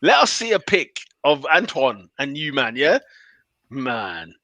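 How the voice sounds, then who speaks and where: A man co-hosting a football podcast in casual chat, animated and quick to laugh loudly. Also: mid-range voice, dry recording. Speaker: podcast co-host.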